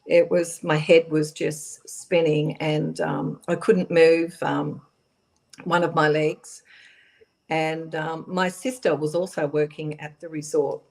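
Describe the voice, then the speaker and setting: A middle-aged woman recounts her own story for a radio interview. Her voice sits a little low, and she talks haltingly, often restarting and filling pauses. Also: little pitch movement, gravelly, a little mellow. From Australia. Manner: halting, many fillers and restarts. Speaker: guest.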